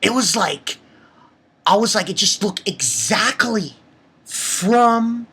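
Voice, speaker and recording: A woman giving an excited anime episode review, talking in an animated way with exclamations and swearing. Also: mid-range voice, slow, breathy edge.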